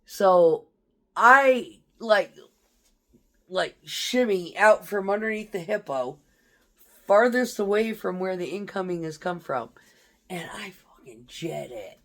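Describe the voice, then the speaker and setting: A woman's voice: medium pitch, animated, slow pace, a bit bright. Blunt, profane woman veteran telling war stories. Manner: profane, blunt, laughs through tense memories. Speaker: military veteran. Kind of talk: casual storytelling.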